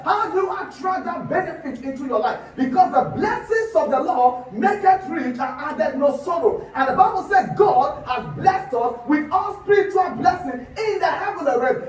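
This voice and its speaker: A pastor preaching a fervent sermon, shouting and repeating rhetorical questions. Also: male voice, extremely high pitch. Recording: echoey hall from a distance.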